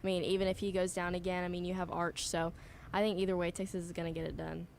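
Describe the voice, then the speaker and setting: A woman's voice: lowish voice, flat delivery, quick pace, gravelly, slight background noise. A young woman co-hosting a college sports radio show, giving her pick casually with many fillers.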